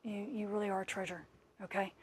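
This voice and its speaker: A woman's voice: medium pitch, level tone, quick pace, breathy edge. A middle-aged woman hosting a live-stream Q&A, gushing with enthusiasm and thanks to viewers, her voice worn out after hours of talking. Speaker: space weather scientist hosting a live Q&A. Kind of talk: live-stream chat reading viewer comments.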